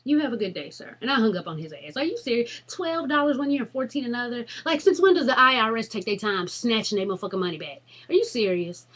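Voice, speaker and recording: A young woman with a slightly high, husky voice tells a funny story straight to her camera. She talks in a loud, animated way and swears freely as the tale builds. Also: fast talker, hardly any pauses. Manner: animated, profane, dramatic storytelling. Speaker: vlogger. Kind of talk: casual storytelling vlog.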